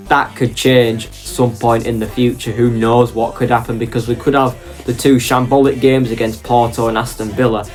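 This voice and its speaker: A man's voice: mid-range voice, darkish tone. Passionate man ranting about football. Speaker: football fan vlogger. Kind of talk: opinion vlog monologue.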